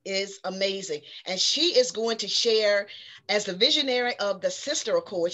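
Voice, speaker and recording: A woman hosting a show introduces her guest, full of praise. Her voice sits in a middle pitch range. She speaks in a casual, unscripted way. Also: a bit bright. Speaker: host.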